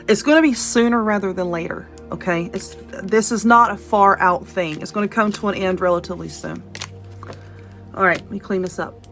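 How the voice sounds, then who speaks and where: A woman's voice: mid-range voice, a bit bright. A woman giving a casual tarot and Lenormand card reading, blunt and chatty, often checking in with "okay?" and "you know". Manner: laughs and yawns between points.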